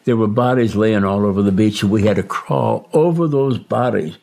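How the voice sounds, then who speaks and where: A man's voice: on the low side, moderate pace, gravelly, darkish tone. An older man, a war veteran, recounting a battle plainly and steadily in an interview. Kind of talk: interview recollection.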